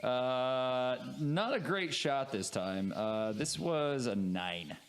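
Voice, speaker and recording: A man's voice: medium pitch, animated, slow. A man playing a tabletop game, describing his moves with hesitant fillers. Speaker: player.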